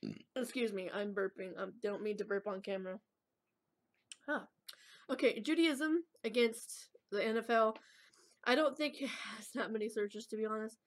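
A woman's voice: on the high side, moderate pace. A woman hosting a casual gaming video, rambling with lots of fillers as she talks her choices through. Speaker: gaming channel host. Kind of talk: casual thinking-aloud gameplay commentary.

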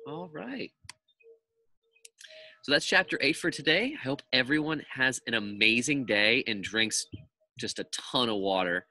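Reading a children's chapter book to his class, this male teacher brings the story to life with lively, expressive delivery. His voice sits in the mid-range.

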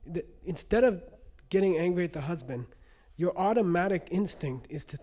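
A man's voice: sits high, lively intonation, normal speed, mellow. A man giving a live lecture to an audience, teaching in a conversational way and checking in often with "okay?". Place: lecture room.

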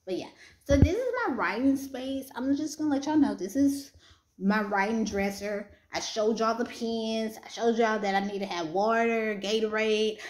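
A woman's voice: fairly high pitch, normal speed. A young woman, casually chatting with her viewers in a home vlog, full of fillers and restarts. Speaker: Christian romance author vlogging. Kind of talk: casual chat. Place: bedroom at home.

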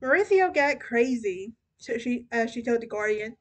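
A woman's voice: a little high, animated, normal speed. A young woman hosting a casual true crime podcast, chatty and often stumbling and restarting over names. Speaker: podcast host.

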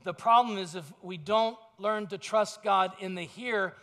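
High-voiced male pastor preaching. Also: unhurried. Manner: storytelling, acts out shouted quotes. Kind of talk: sermon.

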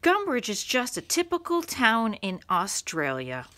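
A woman's voice: on the high side, huge pitch swings, a little slow, a bit bright, exaggerated voice. A woman voicing a polite, earnest young schoolboy in a children's storybook, explaining things carefully.

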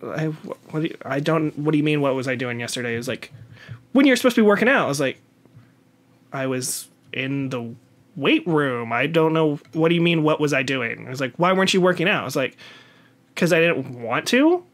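A man's voice: fairly high pitch, brisk, fairly bright tone. A young man co-hosting a casual podcast chat, telling stories with lots of "like" fillers and acted-out quotes. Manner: rambling storyteller, many "like" fillers, acts out quotes. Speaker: podcast co-host.

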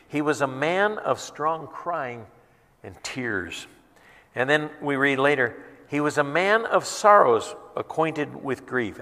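A man preaching a sermon as a pastor, earnest and emphatic, dropping to a hush and acting out quotes with feeling. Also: medium pitch. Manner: earnest, swings between hushed and emphatic, acts out quotes. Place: church hall. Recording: long reverb of a church hall.

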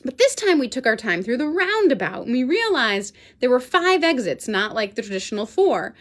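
A woman Pilates instructor telling a chatty, animated story while her class holds a plank. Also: on the high side, normal speed.

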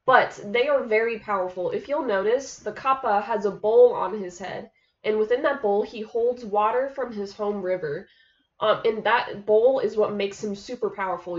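A young woman, a peer mentor, explaining folklore in a chatty, loose way with fillers and quick asides. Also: mid-range voice, echoey room, muffled recording. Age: young adult. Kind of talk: casual explaining in a class session. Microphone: computer mic on a voice call.

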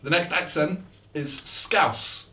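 Guy reading out the next challenge, slow and high, a bit far off mic in an echoey room. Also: pushed and bright, a little hiss or hum. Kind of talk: casual group banter.

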